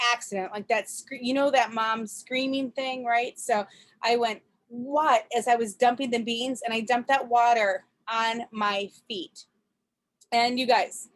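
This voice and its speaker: A woman chatting casually on a video call from a camper, telling a story with frequent laughs, fillers and restarts. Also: fairly high pitch. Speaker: presenter.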